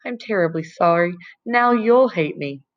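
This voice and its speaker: A tearful teenage girl, as a woman reads her part, speaks in a shaky, self-doubting voice. Her pitch lifts a little above the reader's own. It comes through a slightly dull recording. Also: normal speed, close to an everyday voice.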